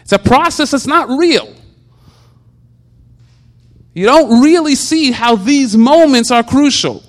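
A man with a high voice gives a casual religious talk. He trips over the same word several times, then pushes on with lively rhetorical questions. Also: slow pace, long pauses. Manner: repetitive stammering restarts, animated rhetorical questions. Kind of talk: informal Torah talk.

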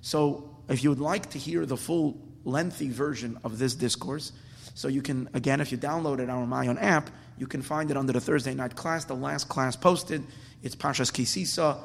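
A man's voice: mid-range voice, vocal fry. A man teaching a Torah class as a rabbi, enthusiastic and rambling with frequent restarts. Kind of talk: religious lecture. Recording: long hall reverb.

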